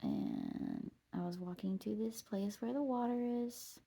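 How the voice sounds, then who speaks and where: A woman's voice: medium pitch, huge pitch swings, a little slow, vocal fry, dark tone, husky. A woman vlogging outdoors on a trail, telling a meandering personal story, swearing and laughing at herself.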